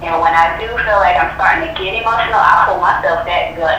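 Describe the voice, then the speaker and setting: Woman caller, agreeable, repeats herself, bright tense voice, very echoey, distant from mic. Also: on the low side, quick pace, hardly any pauses. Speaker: caller getting a reading. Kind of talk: live call-in chat. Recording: distant echoey call line with faint noise.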